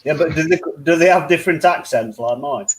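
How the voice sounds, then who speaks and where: A man's voice: fairly high pitch, crowd noise. A man from England joking and teasing his friends in a casual online chat. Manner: joking, teasing, quick to laugh.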